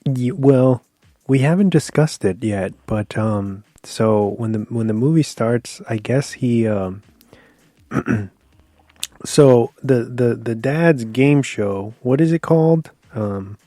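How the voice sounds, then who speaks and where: A man's voice: medium pitch, takes it slowly, mellow, no room sound, studio quality. A man co-hosting a podcast, rambling through a casual film review and searching for words as he goes. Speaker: podcast co-host.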